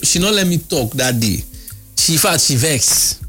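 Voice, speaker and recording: Nigerian man, casual chat, animated mocking storyteller, faint music behind. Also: on the high side, normal speed, husky.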